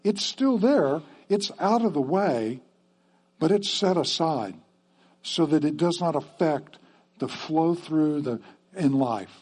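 Pastor guy preaching, kinda husky and a bit high, chatty, keeps asking okay?. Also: animated, takes it slowly, a little mellow. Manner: conversational, frequent "okay?" check-ins. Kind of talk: sermon.

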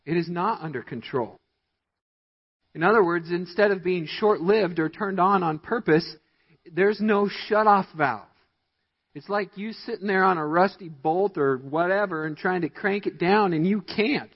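A man's voice: a little slow, breathy edge. A man preaching a sermon as pastor, stressing his points with emphatic, rising delivery. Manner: emphatic preaching with rising pitch on key lines. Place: church sanctuary. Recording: dull, echoey church recording.

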